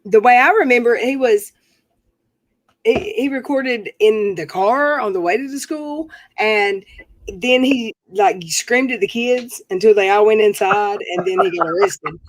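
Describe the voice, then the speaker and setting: A woman's voice: fairly high pitch, unhurried, no echo, low-quality recording. A woman hosting a livestream panel, chatting casually with rambling, self-interrupting talk and easy laughs. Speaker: livestream commentary host. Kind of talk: casual chat.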